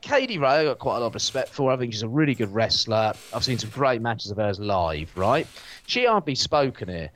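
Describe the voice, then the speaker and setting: A man's voice: medium pitch, moderate pace. A man, ranting sarcastically and swearing on a casual podcast from his sofa at home. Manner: sarcastic, swearing, animated mocking rants. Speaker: podcast co-host.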